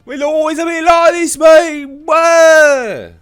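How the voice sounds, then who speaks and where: A man doing a loud, sneering impression of an exaggerated British stereotype woman. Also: very high-pitched, steady tone, slow, soft background music, pitched above the performer's own voice, full character voice. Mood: mocking. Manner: shouty, sneering caricature.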